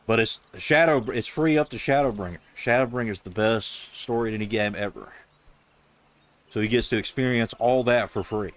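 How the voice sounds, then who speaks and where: A man's voice: medium pitch, normal speed. A man with a Southern US accent, streaming a game and reading its dialogue aloud with sarcastic, offhand commentary.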